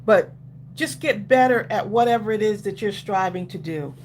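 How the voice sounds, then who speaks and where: A woman's voice: mid-range voice, animated, moderate pace, darkish tone, slight background noise. Chatty, encouraging woman livestream host. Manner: chatty, encouraging, laughs often. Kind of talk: casual live-stream chat.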